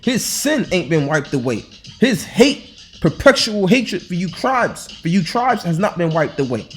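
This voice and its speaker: A man's voice: sits high, sing-song, measured pace, a little hiss or hum. A man preaching informally over scripture, hectoring and repeating himself with rhetorical questions and colloquial restarts. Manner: loose, colloquial delivery with frequent restarts. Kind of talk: informal scripture-reading sermon.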